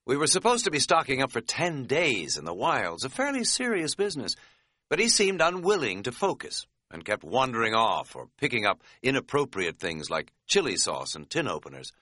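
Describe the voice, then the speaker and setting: A man's voice: mid-range voice, huge pitch swings, normal speed, sharp tone, dry recording. A man reading an audiobook, telling the story with a wry, dry humor. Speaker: narrator. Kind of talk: audiobook narration.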